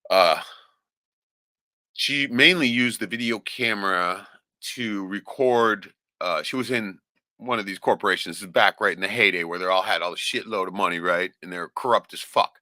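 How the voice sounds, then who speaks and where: A middle-aged man rambles through a personal story, swearing freely and laughing between lines. His voice sits low but rings sharp and forceful. The sound is dry, with no room around it. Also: moderate pace, no echo. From Alaska. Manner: profane, rambling, laughs often, keeps asking "right?". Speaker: vlogger. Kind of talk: casual storytelling monologue.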